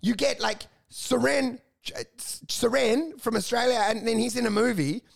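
Man in his thirties, high voice, gravelly, animated comedic rant. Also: normal speed. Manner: animated, ranting, joking, puts on mock voices. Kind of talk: casual podcast chat.

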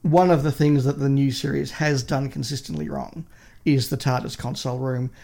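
A man's voice: mid-range voice, fairly even intonation, moderate pace, creaky, dark tone. A man co-hosting a podcast, reviewing in casual chat with a passionate, opinionated ranting manner. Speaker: podcast co-host.

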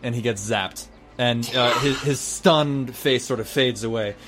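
A man's voice: mid-range voice, unhurried, music in the background. A man narrating a tabletop game as game master, chatty and full of fillers.

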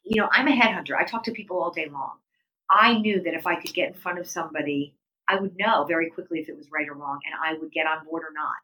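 A middle-aged woman telling her story as an interview guest, animated and leaping up in pitch when she quotes people. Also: fast talker, muffled recording.

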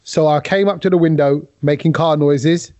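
A man's voice: fairly high pitch, fairly even intonation, moderate pace, noisy background. A man co-hosting a casual chat, joking around as he tells stories. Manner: jokey, playful storyteller. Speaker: co-host.

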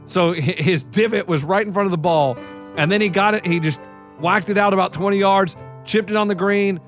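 A man co-hosting a show, telling sports stories in casual banter and bursting into loud excited outbursts. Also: high-pitched, a little fast, faint music behind.

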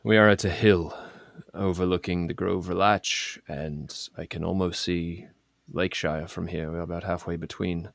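A man's voice: low voice, fairly even intonation, moderate pace, creaky, hardly any pauses, no echo, studio quality. A man playing an earnest male adventurer in a tabletop role-play, speaking in a solemn, formal way as he explains things.

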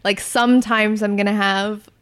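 A woman's voice: mid-range voice, little pitch movement, moderate pace. A Canadian woman in her late twenties, chatting casually and giggly as a podcast guest, full of likes and self-deprecating asides. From Canada, near Toronto. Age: late 20s. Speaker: guest, content creator.

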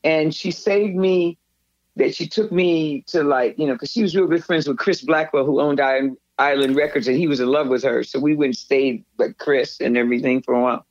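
A woman's voice: low-pitched, fairly quick, a little mellow, dry recording, dull audio. Older woman rambling through memories. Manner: rambling, frequent restarts, acts out quoted voices. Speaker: interview guest. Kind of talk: candid personal storytelling.

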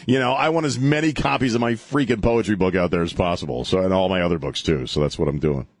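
Deep-voiced and fast, a middle-aged man banters casually as a talk radio host, rambling, joking, laughing often, and filling in with filler words in an animated way. He's on a studio microphone, and there's no room sound.

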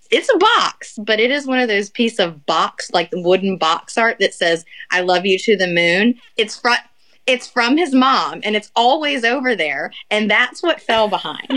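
A woman's voice: mid-range voice, bright, forceful tone. Chatty young woman telling a story. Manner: rambling storyteller, laughs often, many fillers. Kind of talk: casual chat.

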